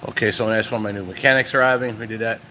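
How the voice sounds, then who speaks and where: A man's voice: fairly low pitch, fairly even intonation, very fast, pushed and bright. A man hosting a live stream from his truck repair shop, chatting casually and reading viewer comments aloud. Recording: echoey shop with machine hum.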